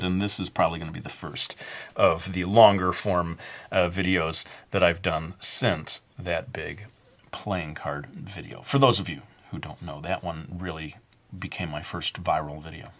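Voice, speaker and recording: A man's voice: deep voice, fairly even intonation, normal speed. Chatty man teaching drawing. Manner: chatty and self-mocking, jokingly putting on a bad accent; rambling, with many fillers. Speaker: drawing instructor. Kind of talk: casual drawing tutorial narration.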